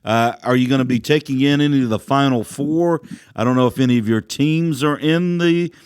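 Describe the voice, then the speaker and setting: A man's voice: medium pitch, brisk, a little mellow, clear, resonant tone, no room sound. A man hosting a podcast, asking friendly questions in a casual chat. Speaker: podcast host.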